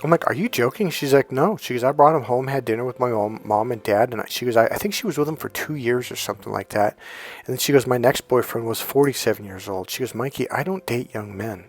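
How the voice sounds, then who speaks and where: A man's voice: mid-range voice, fast, faint music behind. Rambling middle-aged man, dating coach. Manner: rambling, retells dialogue in quotes. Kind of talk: casual monologue.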